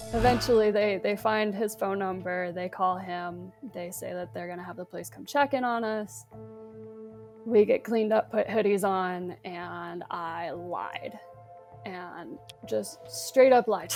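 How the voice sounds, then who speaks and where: A young woman in an interview recounting a personal ordeal, halting, with restarts and nervous laughs. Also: medium pitch, darkish tone, soft background music. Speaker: interview guest recounting abuse.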